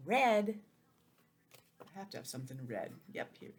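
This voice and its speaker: A woman teaching an online lesson to young children, gentle and expressive, acting out feelings in a sing-song way. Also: extremely low pitch, quick pace, slight background noise. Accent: New England.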